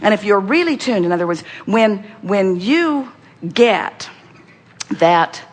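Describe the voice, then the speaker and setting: A woman giving an inspirational spiritual talk, speaking as "we" and addressing the listener directly, emphatic and repetitive, with sudden jumps in pitch and volume. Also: expressive, takes it slowly. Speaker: spiritual teacher channeling a group voice. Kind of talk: inspirational talk to a seminar guest.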